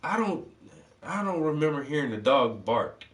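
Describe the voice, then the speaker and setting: A man's voice: fairly high pitch, big pitch swings, moderate pace. A man hosting his channel, telling a story as a loose, profane rant full of "like". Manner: profane, rambling, heavy use of "like". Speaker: channel host. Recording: roomy, distant from the mic.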